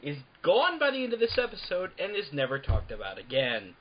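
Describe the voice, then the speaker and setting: Lively man on a dull podcast mic. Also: on the high side, a little fast, a little hiss or hum. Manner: animated, jokey, breaks into playful bits. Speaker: podcast co-host. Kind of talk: casual chat.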